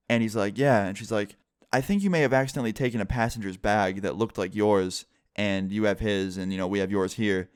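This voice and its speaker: A young man telling a rambling, excitable story to camera in a casual vlog style, full of "like" and acted-out quotes. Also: on the low side, fairly quick, clear, resonant tone, dry recording, clean studio sound. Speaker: vlogger.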